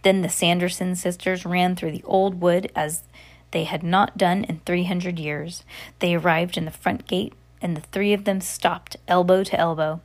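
A woman's voice: lowish voice, moderate pace. Woman reading a novel aloud. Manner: steady narration with occasional slips. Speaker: reader.

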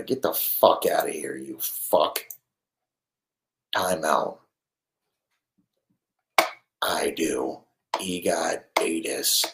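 A man's voice: very deep voice, slow pace, vocal fry, long pauses. A young man live-streaming, ranting profanely about sports and snapping at his chat in a combative, rambling way. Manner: foul-mouthed, combative, rambling. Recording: roomy echo.

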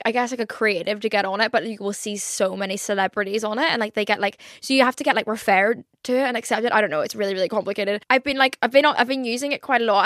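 A woman's voice: a little high, a bit bright, dry recording, studio quality. Young woman, rambling and sweary. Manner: rambling, filler-heavy, sweary. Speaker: podcast host. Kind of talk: casual confessional monologue.

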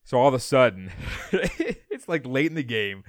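Man, podcast co-host, casual chat, middle pitch, very dry close mic. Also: moderate pace, dry recording. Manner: animated storyteller, acts out shouted quotes.

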